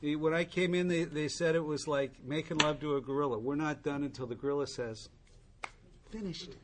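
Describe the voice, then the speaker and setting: A man's voice: fairly high pitch, steady tone, fairly quick, noisy background. A man telling his own recovery story to a group, candid and wry, with asides to the listeners. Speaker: recovery speaker.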